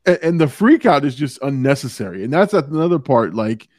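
A man's voice: medium pitch, big pitch swings, a little fast, a little mellow. A man hosting a podcast, chatting casually about a movie, laughing often and reading quotes aloud. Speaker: podcast host. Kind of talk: casual movie review chat.

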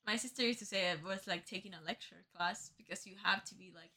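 A woman's voice: medium pitch, fast talker. A woman speaking English as a second language, chatting animatedly with a co-host about TV shows. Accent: non-native English. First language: not English. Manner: animated, talks over her partner. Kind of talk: casual chat.

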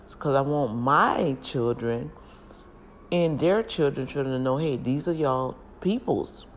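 A woman chatting casually to her viewers, telling family stories in an animated, talkative way with frequent laughs. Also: a bass voice, a little slow, slight background noise.

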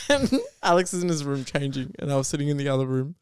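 A young man co-hosting a podcast in casual chat, who laughs a lot and backs up his friend with quick agreements. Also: on the high side, smooth, no room sound, studio quality. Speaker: podcast co-host.

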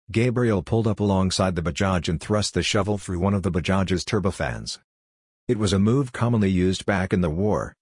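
A man narrating an audiobook story in a steady, even way. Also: sits low, slightly rough, dry recording, studio quality.

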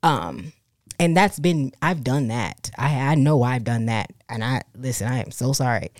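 A young woman with a low, deep-set voice chats casually and candidly, looping back with fillers and restarts as she thinks aloud. The sound is close and dry, with no room around it. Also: lively intonation, normal speed, a little mellow, no echo. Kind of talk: casual chat.

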